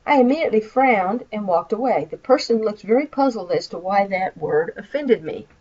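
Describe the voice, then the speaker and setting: A woman's voice: medium pitch, lively intonation, moderate pace, darkish tone, muffled recording. A woman with a Southern American accent, a college instructor giving a recorded lecture over slides and explaining with acted example phrases. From Midwestern United States.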